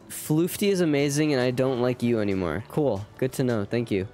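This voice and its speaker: A man's voice: mid-range voice, brisk, mellow. A young man streaming a game live, rambling and joking at his own expense while chatting with viewers. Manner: rambling, self-deprecating, chats with viewers. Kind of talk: casual live game commentary. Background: faint game music.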